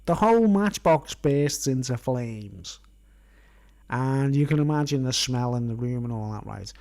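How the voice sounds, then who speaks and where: A man's voice: medium pitch, animated, unhurried, creaky, darkish tone. A man tells a long personal story on a live stream. He rambles casually and keeps checking in with his listeners. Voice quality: conversational, constantly checks in with "right?".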